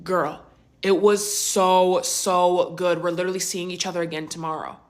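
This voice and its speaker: A woman voicing a young female friend who gushes with excitement about a date. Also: fairly low pitch, moderate pace, pitched below the performer's own voice, lightly acted. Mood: gushing. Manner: gushing, breathless excitement.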